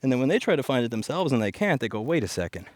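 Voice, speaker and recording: With a racing, sing-song delivery in a mid-range voice, this repair activist vlogger rants off the cuff while picking up litter outdoors. He's blunt and sarcastic, and his headset mic captures no echo.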